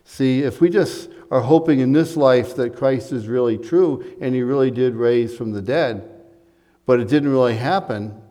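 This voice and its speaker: A man's voice: medium pitch, dark tone. A man preaching a sermon, earnest and building to emphatic points, with conversational asides. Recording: long hall reverb.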